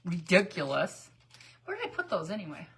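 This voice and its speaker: A woman's voice: lowish voice, wildly swooping pitch, moderate pace, a bit bright, breathy edge, low-quality recording. A middle-aged woman hosting a crafting live stream, telling rambling stories and laughing often as she greets viewers. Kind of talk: chatty storytelling while dyeing eggs.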